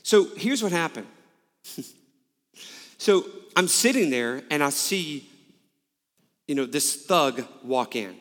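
High-voiced preacher in a reverberant hall. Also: male voice, lively intonation, slow, long pauses, fairly bright tone. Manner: candid, self-mocking humor. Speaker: pastor. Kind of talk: sermon with personal storytelling.

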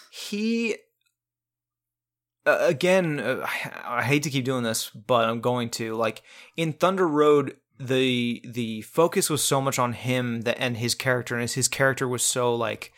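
A man's voice: mid-range voice, a little slow, a bit bright. Rambling man reviewing a film. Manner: rambling, many restarts and fillers. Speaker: podcast co-host. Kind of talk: casual film review chat.

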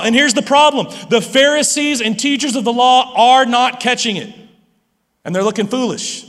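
A man's voice: extremely high pitch, moderate pace, fairly bright tone. A man preaching a sermon as pastor, playful and talking straight to his audience. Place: large church hall. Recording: long hall reverb.

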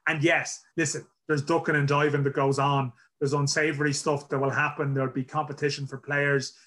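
A man hosts a podcast in a slightly high, bright voice. He rambles through his points in casual chat. He pokes fun at himself. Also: level tone, brisk. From Ireland. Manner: self-deprecating, rambling. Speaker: podcast host.

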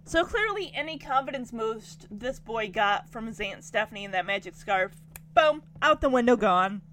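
A woman's voice: on the high side, animated, normal speed, a bit bright. A woman giving a chatty, giggly recap of a TV episode, quoting the characters as she goes. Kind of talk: casual recap commentary.

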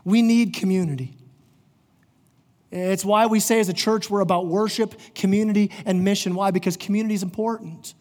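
Pastor guy preaching, fairly high voice, earnest, keeps restarting words, long echo in the church. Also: steady tone, brisk, a little mellow. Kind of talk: sermon. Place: church sanctuary. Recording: long hall reverb.

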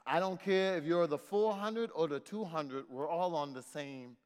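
Middle-aged male preacher, high and bright, rhythmic refrains, long church reverb. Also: moderate pace, clean tone. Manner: rhythmic call-and-response preaching, shouting refrains. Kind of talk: sermon. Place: church sanctuary.

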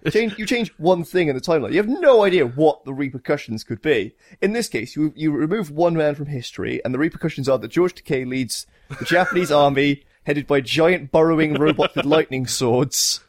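A man riffs casually with his co-hosts about an old strategy game. His voice sits a bit high and rises and falls widely, and he laughs often. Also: fairly quick. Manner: animated, laughs often, trails off and restarts. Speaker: podcast co-host. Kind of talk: casual chat.

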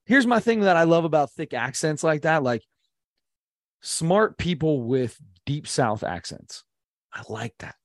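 A man's voice: a little high, animated, measured pace, dry recording, studio quality. A man in his thirties co-hosting a podcast, chatting casually and animatedly about a comedy special and sometimes mimicking accents. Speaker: podcast co-host. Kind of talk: casual chat reviewing comedy.

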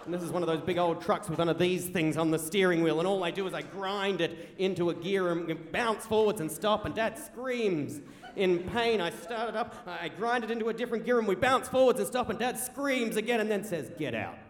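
A young man telling a comic story, animated and swinging between hushed and loud delivery. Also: sits high, fairly quick. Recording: echoey hall, faint hum.

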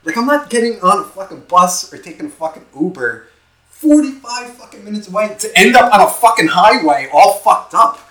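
A man's voice: high voice, very animated, fairly quick, a bit bright, rough recording. A young man co-hosting a casual podcast, telling a story loosely and profanely with lots of filler words. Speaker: podcast co-host.

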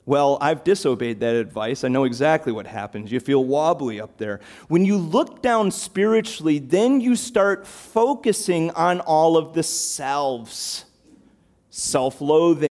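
Animated male preacher, voice pitched a bit high. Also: a little slow. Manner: animated, rhetorical questions, emphatic. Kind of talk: sermon.

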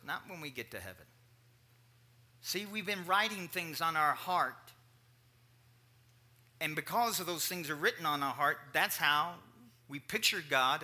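Animated, bright-voiced preacher man. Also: fairly high pitch. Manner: joking asides, animated and conversational. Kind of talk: sermon.

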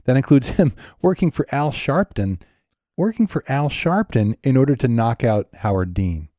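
A man with a mellow, dark-toned voice speaks emphatically on a podcast, pressing his opinions between laughs. The recording is dry and close-miked. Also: medium pitch, expressive, normal speed, dry recording, highs cut off. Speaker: podcast co-host. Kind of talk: casual chat.

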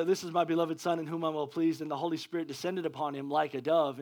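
A male preacher giving a sermon, excitable and often stumbling over restarts. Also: on the high side.

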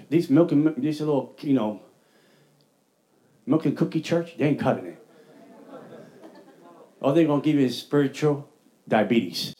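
A man preaching a testimony sermon, telling his story in an animated way and acting out his own dialogue. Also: mid-range voice, normal speed, pauses often. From New York.

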